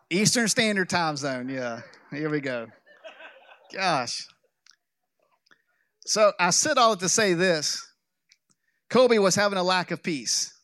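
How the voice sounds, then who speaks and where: A man pastor preaching a sermon, telling a story with jokes and animated delivery. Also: on the high side, dry recording, clean studio sound. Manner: animated, joking, with restarts.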